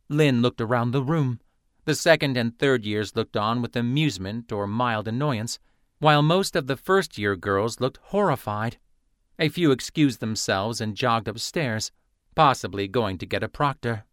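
A man reading a novel aloud as an audiobook narrator, in steady scripted narration. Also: mid-range voice, measured pace, no echo, clean studio sound.

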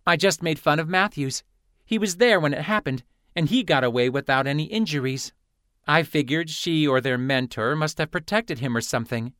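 Guy doing a fiery snide young woman, pitched up, dry audiobook read. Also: moderate pace, fairly bright tone, clear, resonant tone, no echo, close to an everyday voice. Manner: snide, combative.

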